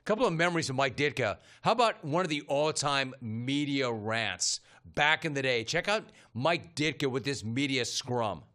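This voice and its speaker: Man, sports radio host, brash and excitable, bright forceful tone, studio mic. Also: medium pitch, no room sound. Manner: brash, excitable, quick commentary. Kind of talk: energetic sports talk.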